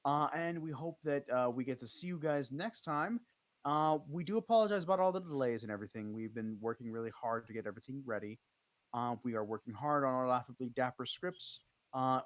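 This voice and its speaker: A man's voice: medium pitch, a little fast, dry recording. Casual guy running a tabletop game, lots of ums, dry close sound. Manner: casual, many fillers. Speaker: game master.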